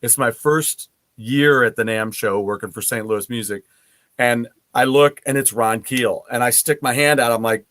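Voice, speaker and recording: A man's voice: medium pitch, moderate pace, fairly bright tone, no echo. Laid-back guy hosting a casual chat, mid voice, dry close sound. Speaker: podcast host.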